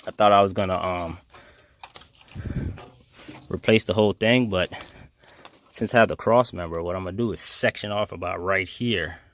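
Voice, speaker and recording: A man's voice: lowish voice, fairly bright tone, slight background noise. A man casually walking through a car restoration project in a garage vlog, talking in a plainspoken, rambling way. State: out of breath. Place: home garage workshop.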